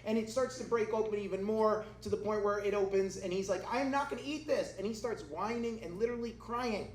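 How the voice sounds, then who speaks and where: A man's voice: high-pitched, steady tone, brisk. A middle-aged man, a pastor, giving a conversational sermon with humorous personal stories to a congregation. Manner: humorous, conversational, acts out quoted voices. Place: church hall before a congregation. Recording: echoey room with faint noise.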